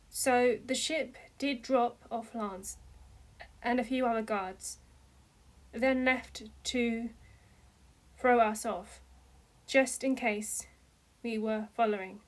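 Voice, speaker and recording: A higher-voiced woman slowly reads a fan fiction story aloud as an amateur narrator. She reads steadily, with her voice rising into cries for the dialogue.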